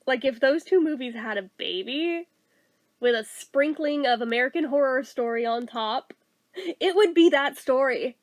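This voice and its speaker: A woman giving a casual movie review, excitable, swearing freely and laughing often. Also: high voice, a little slow, no echo.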